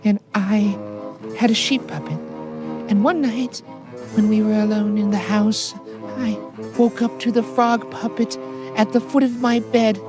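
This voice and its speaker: A man's voice: sits high, fairly even intonation, measured pace. A man voicing a timid little girl who tells an eerie childhood tale with a child's unease, as a comic bit on a livestream. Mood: uneasy storytelling. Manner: hushed storyteller, childlike unease. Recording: music playing underneath.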